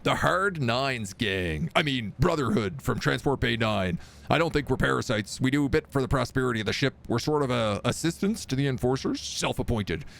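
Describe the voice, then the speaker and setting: A man's voice: mid-range voice, lively intonation, normal speed, vocal fry, a bit bright. A man voicing a swaggering male gang boss with a Cockney accent, brash and cheeky, in a video game read-aloud. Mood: boastful. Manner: brash, fawning yet cheeky.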